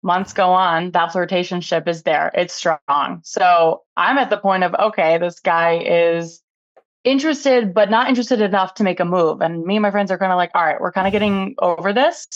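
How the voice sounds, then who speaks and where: A woman's voice: on the low side, no echo. Chatty woman caller, dull audio. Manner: chatty, retells with quoted dialogue. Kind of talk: casual storytelling.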